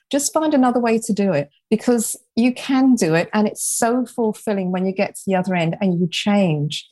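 A woman's voice: mid-range voice, darkish tone, no echo. Brief: sixties woman from England, interview guest, earnest and reflective storyteller. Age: 60s. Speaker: author guest. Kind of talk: interview conversation.

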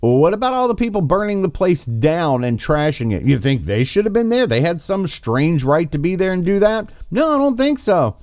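A man's voice: high-pitched, very animated, moderate pace, hardly any pauses, a little mellow, no room sound, studio quality. A man commenting on trial clips in a mocking, profane, sarcastic way. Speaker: political commentator.

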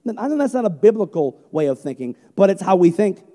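High-voiced passionate male preacher. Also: sing-song, brisk. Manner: passionate, swings from loud emphatic peaks to quiet storytelling. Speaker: pastor. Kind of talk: sermon. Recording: long hall reverb.

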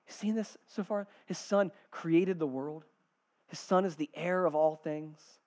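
A man with a high voice delivers a sermon in a church. He preaches with swells, building to loud, ringing calls and then sinking to near-hushed, slow readings of scripture. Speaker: pastor.

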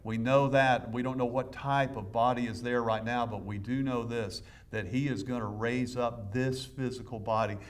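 A man's voice: mid-range voice, steady tone, moderate pace, hardly any pauses, far from the mic. A man preaching a sermon as pastor, enthusiastic and conversational, with frequent restarts. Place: church sanctuary.

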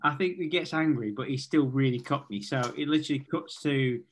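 A man in a relaxed comic chat, building a silly scene detail by detail. He fills his talk with "like" and "kind of." His pitch is ordinary for a man. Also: fairly quick. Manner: vivid, detailed describing with many "like"s. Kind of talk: casual comedic chat.

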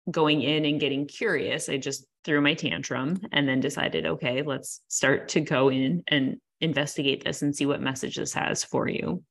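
A woman with a low voice and a gravelly fry runs her own podcast as a solo monologue. She talks candidly and keeps questioning herself as she thinks out loud. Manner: candid, searching, self-questioning. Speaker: podcast host.

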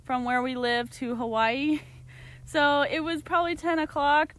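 Young woman, high-pitched podcast co-host with animated storytelling and squeaky acted-out quotes. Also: measured pace. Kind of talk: casual chat.

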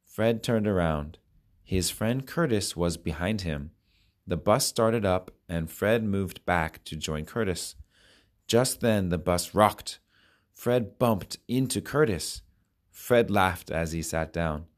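Slow, low-voiced man reading storybooks. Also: dry recording, studio quality. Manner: slow, careful, even reading. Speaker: children's book reader. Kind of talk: storybook read-aloud.

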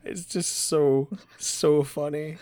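A man's voice: a little high, steady tone, slow, dark tone. Easygoing man in casual chat. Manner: easygoing, laughs often, brief agreeing interjections. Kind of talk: casual chat about an episode.

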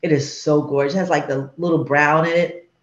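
A woman's voice: low-pitched, brisk. Chatty woman on a dull, roomy call line. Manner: chatty, giggly, animated. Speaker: podcast co-host. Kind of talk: casual podcast chat. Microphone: video call.

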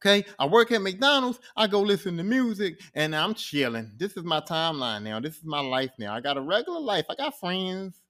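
A man voicing a blunt, foul-mouthed young woman who refuses to back down, in a somewhat louder, slightly raised voice. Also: high voice, lively intonation, fairly quick, few pauses. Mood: dismissive. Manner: blunt, cursing, defiant.

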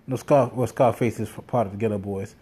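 A man's voice: on the low side, fairly even intonation, a little fast, mellow, husky. A man telling a casual, rambling story, swearing often and full of fillers and restarts. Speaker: podcast host.

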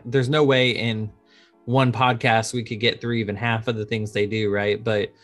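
A man's voice: on the low side, moderate pace, faint music behind. A man in his thirties, an insurance attorney, talking casually in a podcast interview and acting out dialogue as he tells stories. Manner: animated storyteller, acts out quoted dialogue.

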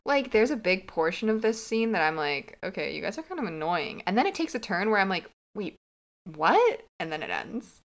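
A woman's voice: mid-range voice, big pitch swings, fairly quick, few pauses. A woman co-hosting a podcast, chatting casually about a TV episode and voicing her own reactions as quotes. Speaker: podcast co-host. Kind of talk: casual TV recap chat.

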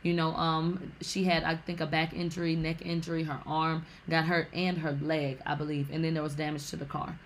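A woman hosting a gossip show, talking in a casual, animated and profane way with sassy asides. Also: low-pitched, a little fast, few pauses, slight background noise.

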